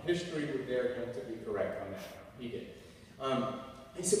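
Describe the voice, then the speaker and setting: A middle-aged man speaking to a school audience, lively and funny as he acts out each person in his stories. His voice sounds distant and bounces around a big hall with a long reverb, over faint background noise. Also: mid-range voice, brisk. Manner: animated, humorous, acts out quotes. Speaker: guest speaker. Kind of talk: storytelling speech to students. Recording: echoey hall from far off.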